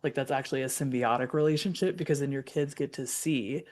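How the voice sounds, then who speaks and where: A woman's voice: a bass voice, brisk, a little mellow. Earnest woman co-hosting a podcast. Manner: earnest, talks in long run-on thoughts with many "like"s. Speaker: podcast co-host. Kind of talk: casual chat.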